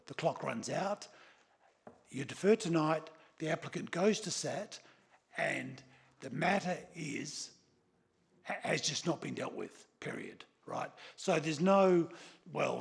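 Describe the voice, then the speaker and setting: Insistent gravelly Australian councillor. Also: male voice, medium pitch. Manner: insistent, repeats "okay?" and "right?" to press points. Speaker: city councillor. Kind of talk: council meeting debate.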